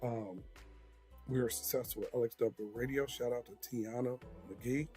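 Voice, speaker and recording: A man co-hosts a casual morning livestream from a video call. His talk is relaxed and chatty, easygoing in a mid-range voice. Faint music plays softly behind him. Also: medium pitch, normal speed. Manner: relaxed, chatty, gives shout-outs. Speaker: co-host.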